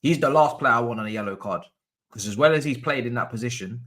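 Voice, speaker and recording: A young man hosts a live football watchalong, reacting to the match as an excitable, frustrated fan who rants and swears. His voice is medium in pitch, and he talks fast.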